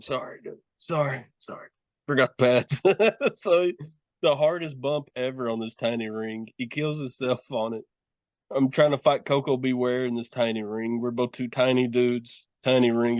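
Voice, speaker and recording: A man's voice: mid-range voice, fairly even intonation, normal speed, no room sound. A middle-aged man, a pro wrestler and horror host, telling rambling, profane stories in a casual podcast chat. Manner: profane, rambling storytelling with laughs.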